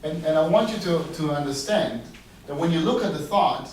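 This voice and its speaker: A rabbi giving a storytelling sermon, a man who acts out the quoted dialogue with big leaps in pitch. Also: animated, normal speed, darkish tone, a little hiss or hum. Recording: echoey room, voice heard from a distance.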